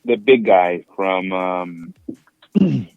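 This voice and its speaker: A man with a low voice, chatting on a podcast and retelling movie scenes with animated bits of acting. The sound is dry and a little dull, from a lo-fi mic. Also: very slow, creaky, dry recording. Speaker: podcast co-host. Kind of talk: casual film review chat.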